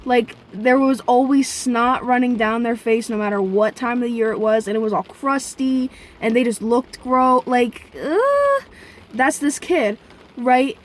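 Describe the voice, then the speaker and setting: Chatty young woman with a high voice. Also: expressive, a little slow. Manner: rambling, chatty, with sudden profane outbursts; talks straight to her viewers. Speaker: vlogger. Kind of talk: casual storytelling vlog.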